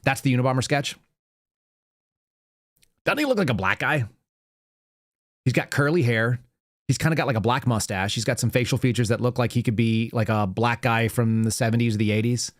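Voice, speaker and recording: A man's voice: medium pitch, fairly quick, pauses often, no room sound, clean studio sound. A man hosting his own show, talking casually in a monologue and often repeating words as he restarts. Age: adult with young child. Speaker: podcast host.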